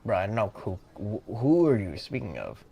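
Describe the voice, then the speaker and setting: A man's voice: on the low side, huge pitch swings, moderate pace, gravelly, warm tone, breathy edge. A man streaming a game, chatting casually, rambling and correcting himself with slang. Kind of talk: casual gameplay commentary.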